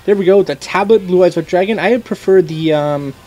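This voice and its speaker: A man's voice: high voice, a little fast, dark tone, highs cut off. A young man casually chatting as he unboxes trading cards and reads the card text aloud, with lots of fillers.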